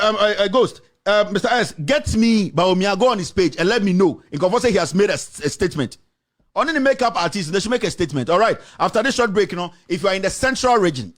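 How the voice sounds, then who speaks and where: A Ghanaian man hosts a political call-in radio show with a fiery, combative delivery. His voice sits fairly high for a man, and he moves quickly between English and Twi. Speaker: radio talk show host. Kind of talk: heated political talk radio.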